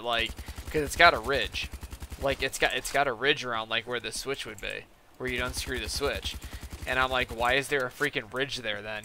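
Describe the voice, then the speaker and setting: A man's voice: mid-range voice, pushed and bright, a little hiss or hum. Rambling young man streaming a game. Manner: rambling storytelling with many fillers and quoted back-and-forth. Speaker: gaming streamer. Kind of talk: casual live-stream chat while playing.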